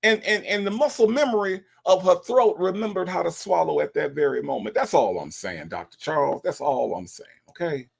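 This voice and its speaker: A man hosting a live stream, chatting casually and teasing his chat with an animated delivery. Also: on the high side, fairly quick, creaky, few pauses, breathy edge. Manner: animated, teasing, mocks chat with exaggerated voices. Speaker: livestream host.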